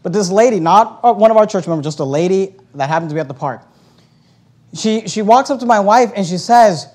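A middle-aged male pastor delivers a sermon in a notably high voice. He tells his story with animated energy, rising loud and then dropping to a hush. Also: a little fast. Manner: animated storytelling, acting out quoted voices, swings between loud and hushed.

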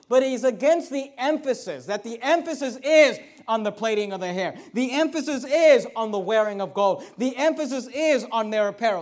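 A man preaching a sermon, reading scripture slowly and swinging between quiet asides and emphatic, louder points. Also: extremely high pitch.

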